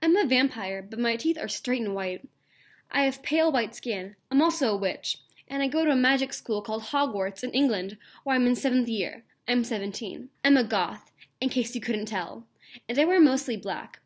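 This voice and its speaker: A woman's voice: on the high side, moderate pace. Woman reading a fanfic in mock earnest. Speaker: channel host. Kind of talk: comedic dramatic reading of a fanfic.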